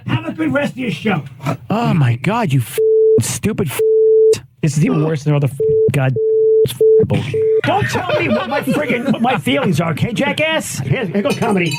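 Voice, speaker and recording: A high-voiced man on morning radio bursts into loud, cursing rants and laughs. His pitch leaps all over, and loud noise sits under the broadcast. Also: big pitch swings, normal speed. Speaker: radio co-host.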